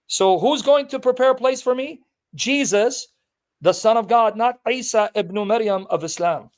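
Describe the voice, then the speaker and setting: A man with a notably high-pitched voice argues his point with relentless insistence. He reads scripture verses aloud with heavy emphasis, then turns them back on the other person as pointed challenges. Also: expressive, normal speed. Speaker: Christian apologist debating a Muslim. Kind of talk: street debate, reading scripture aloud.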